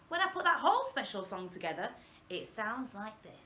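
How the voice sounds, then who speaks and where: Lively, high-voiced woman teaching children. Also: roomy sound, slight background noise. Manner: animated, encouraging, drawn-out words. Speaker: primary school workshop presenter. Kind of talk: interactive singalong lesson for young children.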